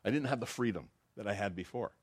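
A man's voice: on the low side, quick pace, no echo. A man giving informal, conversational Bible teaching, telling jokes along the way. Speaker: preacher.

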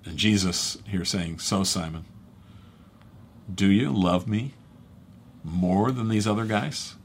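A man speaking as a pastor, teaching through a scripture passage in a conversational, halting way and correcting himself as he goes. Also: sits low, a little hiss or hum. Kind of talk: bible teaching.

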